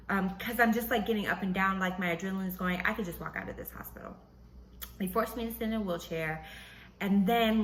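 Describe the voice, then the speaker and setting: A woman hosting a podcast, casually telling a personal story and acting out what others said in a higher voice. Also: reverberant, slight background noise, poor audio. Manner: animated, acts out quotes in a high voice, laughs often. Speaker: podcast host.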